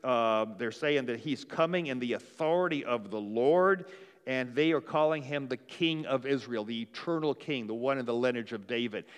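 A man preaches a sermon in an easy, talky way, trailing into fillers and restarting his lines. His voice sits at a middle pitch. It rings out with the long reverb of a large hall. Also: normal speed, clean tone. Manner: casual, conversational preaching with frequent fillers and restarts. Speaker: pastor.

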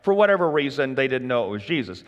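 A man preaching a sermon in a relaxed, folksy way, joking with the congregation. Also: medium pitch, fast, big-room sound, lo-fi sound. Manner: folksy, conversational, jokes with the congregation. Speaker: pastor.

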